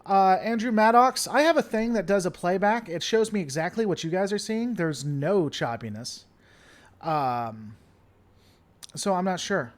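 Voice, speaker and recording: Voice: mid-range voice, unhurried. This is a livestream host in casual chat, answering viewers from the comments. The delivery is playful and theatrical, full of repeated stalling phrases.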